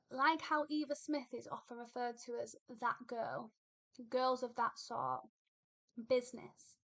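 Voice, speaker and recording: A woman's voice: high-pitched, fairly bright tone. A woman teaching a poetry lesson, explaining patiently and thinking aloud with fillers and repeated phrases. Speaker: English literature teacher.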